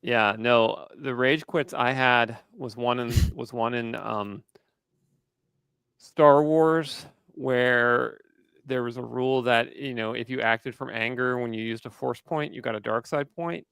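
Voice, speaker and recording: A man on a video call panel, telling game stories in an animated, casual way and acting out his players' shouts. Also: mid-range voice, a little slow, gravelly, clean tone, no echo. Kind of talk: casual storytelling.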